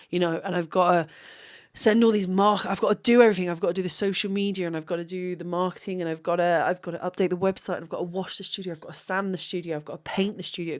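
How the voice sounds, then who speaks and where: A tired woman and photographer, talking candidly late at night, rambling with many restarts and laughs. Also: fairly low pitch.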